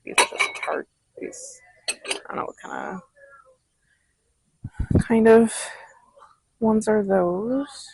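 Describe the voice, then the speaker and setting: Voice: medium pitch, lively intonation, slow pace, vocal fry, pauses often, slightly rough, no echo, rough recording. A thrift vlogger chatting casually while browsing a store, musing aloud over prices with frequent giggles. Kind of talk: casual shopping vlog chat.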